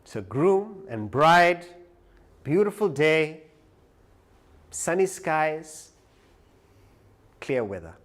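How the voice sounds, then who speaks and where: A man giving a live lecture who tells a story with animated delivery. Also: a little high, extremely slow, long pauses. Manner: animated storyteller, acts out quoted voices. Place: lecture hall.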